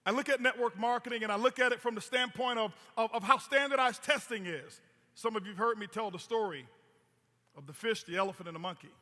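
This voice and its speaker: High-voiced man giving a motivational stage talk. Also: brisk, sharp tone. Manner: storytelling, punchy repetition, rhetorical questions. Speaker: network marketing presenter. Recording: long hall reverb.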